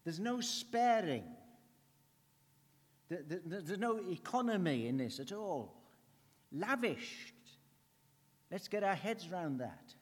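A man preaching in an earnest, conversational way, his voice sitting a little higher than most men's. He leans hard on some words and drops to near a hush on others. A long reverb trails behind him, as in a church hall. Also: big pitch swings, slow pace. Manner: earnest, swings between emphatic and hushed. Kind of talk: conversational sermon.

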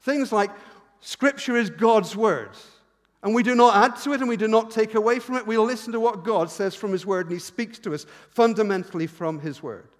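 A man with a noticeably high voice preaches to his congregation, animated and self-deprecating, often restarting his sentences. He has a noticeable regional accent. His words ring out with a long reverb through a church hall. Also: moderate pace. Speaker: pastor. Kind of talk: sermon.

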